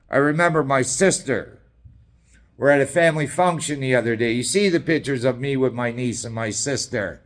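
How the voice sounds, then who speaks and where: A man's voice: mid-range voice, moderate pace. A middle-aged man from Canada, ranting in an angry, combative and sarcastic way as a political activist, swearing often.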